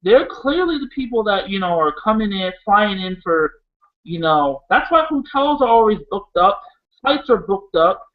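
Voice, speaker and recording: This high-pitched man from Iowa, USA talks at a normal speed while co-hosting a casual wrestling chat. He is excitable and profane, rambling away from the topic. The audio is narrow and tinny.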